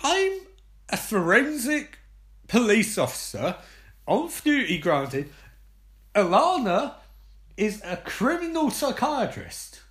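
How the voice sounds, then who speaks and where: A man giving a sweary comedic recap, mocking the scenes and swinging between high squeaks and low growls. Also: huge pitch swings, takes it slowly, long pauses, fairly bright tone.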